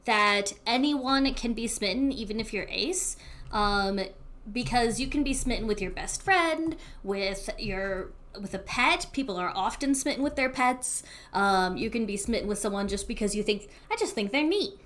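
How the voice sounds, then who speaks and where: A woman's voice: medium pitch, moderate pace, a bit bright. A woman player in a tabletop game, chatty and often laughing. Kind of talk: casual tabletop game chat.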